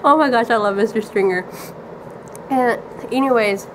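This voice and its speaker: A woman's voice: a little high, normal speed, noisy background. A teenage girl casually telling a rambling story with lots of "like" and giggles. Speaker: vlogger.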